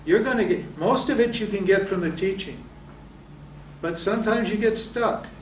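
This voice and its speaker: A man's voice: high voice, normal speed, a little hiss or hum. A man teaching spiritual texts, asking his students rhetorical questions and then answering them himself. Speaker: Vedanta teacher. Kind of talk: lecture to students. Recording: roomy echo from a distant mic.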